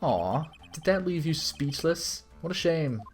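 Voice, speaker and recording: A man's voice: a little high, expressive, measured pace, soft background music. A man voicing a two-faced young male celebrity who turns out to be a villain, taunting in a mock-sweet tone.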